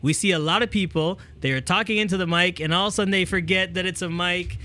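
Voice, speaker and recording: A man's voice: high-pitched, quick pace, few pauses. A man hosting a talk, giving casual speaking tips into a handheld microphone and often checking in with "okay?". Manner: energetic, repeats "okay?" to check in; demonstrates with the mic, moving it near and away. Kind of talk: casual coaching talk to camera.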